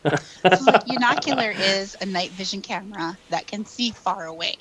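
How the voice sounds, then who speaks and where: A woman's voice: medium pitch, normal speed, a bit bright, slight background noise, poor audio. A middle-aged woman with a Minnesota accent, a guest chatting in a live interview with many ums and restarts. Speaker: guest investigator. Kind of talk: casual interview chat.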